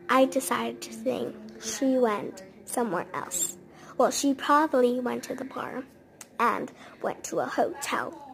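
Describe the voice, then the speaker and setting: A woman with a high voice rambles through a casual storytime, padding her sentences with "like" and quick asides. Her delivery is chatty and unpolished, the way someone talks when recounting a long night. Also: gravelly. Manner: chatty, rambling, many "like" fillers.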